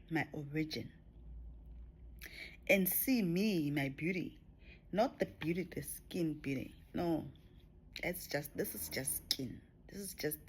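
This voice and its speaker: A woman talking to camera about her spiritual experiences in a reflective way, often dropping to a soft whisper. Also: low voice, slightly rough. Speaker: spiritual vlogger. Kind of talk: personal spiritual talk to camera.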